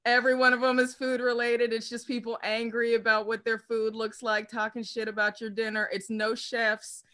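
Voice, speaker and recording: A woman performing a brash, profane stand-up comedy set with animated storytelling. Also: fairly high pitch, moderate pace.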